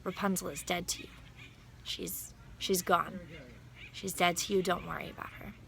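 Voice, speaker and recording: A woman's voice: lowish voice, steady tone, normal speed, vocal fry, fairly bright tone, a little hiss or hum. A woman voicing a stern old witch who calls up to a tower and dismisses a prince curtly, in her own near-plain voice. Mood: cold.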